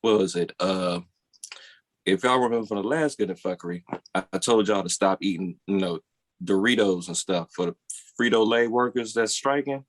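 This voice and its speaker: A man's voice: lowish voice, normal speed, no room sound. A man co-hosting a podcast in casual chat, rambling through stories and laughing as he tells them. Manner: rambling storyteller, laughs while telling. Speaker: podcast co-host.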